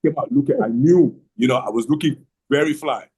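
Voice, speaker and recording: A man in middle age tells a long story over a video call, husky and mellow in tone. He rambles, repeats himself, and starts his sentences over and over. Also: medium pitch, fairly quick, low-quality recording. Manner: rambling, repeats words and restarts often. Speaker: host telling his marriage story. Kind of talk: casual storytelling on an online call. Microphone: online video call.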